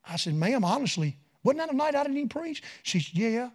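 High-voiced folksy preacher. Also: male voice, very animated, brisk. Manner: folksy, swings between soft asides and loud shouted peaks. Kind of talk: revival sermon with storytelling.

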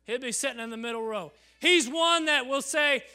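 A man preaching a sermon in a church service, swinging from loud calls to hushed near-whispers and calling "Amen?" to the congregation. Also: very high-pitched, moderate pace, hardly any pauses. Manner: acts out congregants in quoted voices, asks the crowd "Amen?".

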